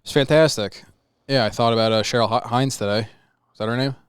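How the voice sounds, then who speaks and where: Man, podcast sidekick, fast deadpan teasing delivery, clear voice, dry close sound. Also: medium pitch, dry recording. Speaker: podcast co-host. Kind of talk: casual comedic podcast chat.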